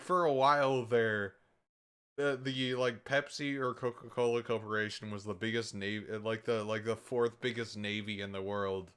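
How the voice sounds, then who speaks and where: Smooth-voiced rambling streamer guy. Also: mid-range voice, fairly bright tone. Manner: rambling, stumbles and repeats words, sarcastic asides. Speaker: streamer host. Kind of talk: casual live-stream reaction commentary.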